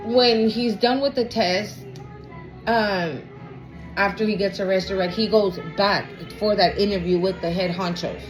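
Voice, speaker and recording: A woman does a tarot reading for a collective, casually retelling a story in a chatty, profane way and habitually asking "right?". Her voice is medium-pitched, and the recording is low quality.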